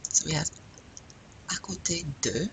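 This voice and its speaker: A woman teaching a French class, slowly modelling phrases and pronunciation for students to repeat. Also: fairly low pitch, expressive, background noise. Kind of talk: classroom language lesson.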